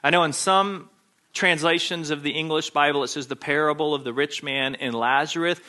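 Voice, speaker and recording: A man's voice: fairly high pitch, fairly even intonation, moderate pace, pushed and bright. A man preaching a sermon, emphatic and insistent, hammering home his points by repeating key phrases.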